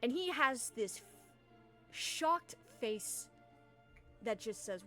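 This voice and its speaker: A woman's voice: on the high side, measured pace, a bit bright, faint music behind. Casual rambling woman game master. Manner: casual, rambling, with fillers and laughs. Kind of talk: narrating a tabletop game.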